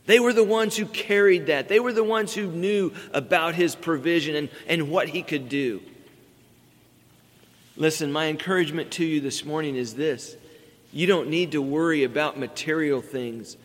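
A man's voice: fairly high pitch, normal speed. A middle-aged man preaching a sermon as pastor, earnest and building emphasis on key words. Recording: long reverb from a large hall.

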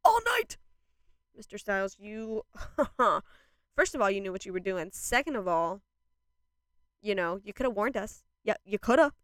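A young woman vlogging a casual reaction to a new album, gushing and laughing, jumping between excited outbursts and quieter asides. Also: medium pitch, normal speed, pauses often, smooth, no room sound, studio quality.

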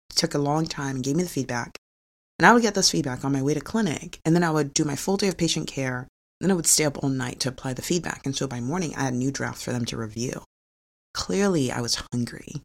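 A woman's voice: deep voice, gravelly. A middle-aged woman, a physician and researcher, telling a personal story in an earnest, confessional way with small laughs.

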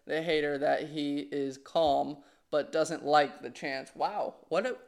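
Young man with a slightly high voice, laughing easily. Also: fairly even intonation, slow pace, gravelly. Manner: reads news items aloud, laughs often. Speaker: podcast co-host. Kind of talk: casual chat.

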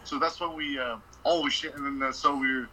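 A man's voice: medium pitch, steady tone, fairly quick, pushed and bright, low-quality recording. A man telling a rambling, profane story in a casual interview, laughing and acting out what people said. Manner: profane, laughing, acts out quotes. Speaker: record label boss, guest.

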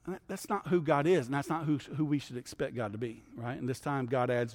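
Male guest pastor, mid-pitched, casual teaching tone, long hall reverb. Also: brisk, hardly any pauses. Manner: conversational, often adds "right?" and restarts. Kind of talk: Bible study teaching.

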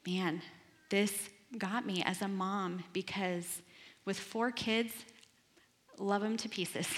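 A woman's voice: medium pitch, fairly bright tone, long reverb tail. A woman giving a casual devotional Bible teaching, retelling the stories conversationally with chatty asides.

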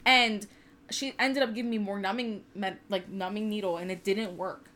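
A woman's voice: medium pitch, fairly even intonation, moderate pace, a bit bright. A woman in her twenties telling a personal story in casual chat, candid and profane with lots of "like". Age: 20s. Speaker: podcast co-host.

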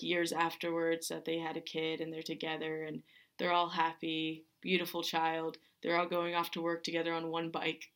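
A woman's voice: fairly low pitch, fairly bright tone. A young woman hosting a podcast, casually recapping a film in a rambling way, full of fillers and restarts. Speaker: podcast host.

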